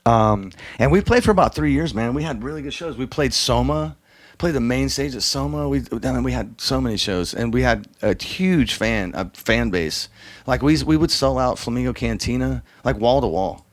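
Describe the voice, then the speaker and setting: Here the same kind of speaker appears: a male drummer, chatting casually in an interview, wanders through crude, meandering anecdotes while performing other people's voices. He speaks at a moderate pace in a medium-pitched voice, captured in a dry recording.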